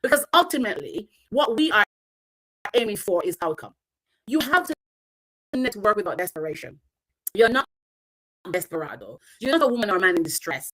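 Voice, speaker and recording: Woman speaker, punchy motivational livestream talk, mid-pitched and bold. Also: sing-song, brisk, long pauses, a bit bright, low-quality recording. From Jamaica.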